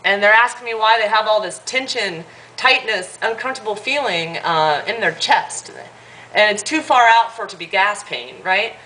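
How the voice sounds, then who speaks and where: A woman's voice: medium pitch, normal speed, sharp tone, rough recording. A woman in her thirties giving blunt, fired-up advice in a casual vlog, swearing freely as she talks to her viewers. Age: 30s. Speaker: vlogger.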